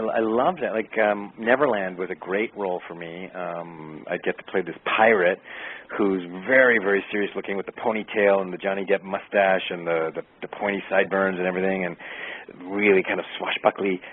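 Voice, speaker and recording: A man, an actor, answering interview questions in an easygoing way, pausing often with fillers to find his words. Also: low voice, husky. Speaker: actor guest. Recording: tinny phone-like line.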